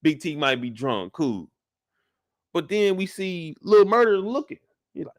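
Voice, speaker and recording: A young man, recapping a TV episode alone in loud, slangy, excitable storytelling with acted-out reactions. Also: high voice, normal speed, dry recording, clean studio sound. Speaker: show recap host. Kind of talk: animated solo recap of a TV episode.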